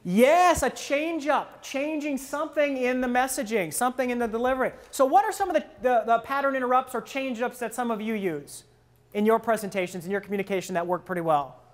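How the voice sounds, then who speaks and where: A man training people in presentation skills at a live workshop, quizzing the audience with questions and acting out listeners' wandering thoughts in a lower voice. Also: a little fast.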